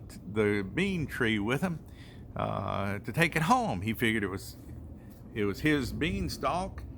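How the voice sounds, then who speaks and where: A man's voice: mid-range voice, bright, forceful tone, slight background noise. An older man telling a folk tale to his grandson in a folksy, rambling way, with fillers. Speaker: grandfather storyteller. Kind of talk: folk tale told aloud.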